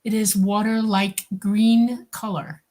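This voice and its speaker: A woman under hypnosis, slowly describing visions in a halting way. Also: mid-range voice, little pitch movement, warm tone. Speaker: hypnosis client.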